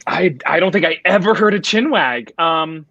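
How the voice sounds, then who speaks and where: A man's voice: fairly high pitch, expressive, normal speed, vocal fry, sharp tone, no echo, highs cut off. A man chatting as a guest on a video call, bubbly and self-mocking. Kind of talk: casual chat.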